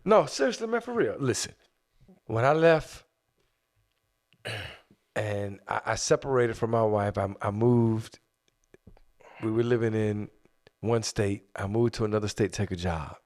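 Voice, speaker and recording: Man, middle-aged, casual podcast talk, loud, profane, talks over others. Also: fairly low pitch, a little slow, long pauses. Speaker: podcast co-host.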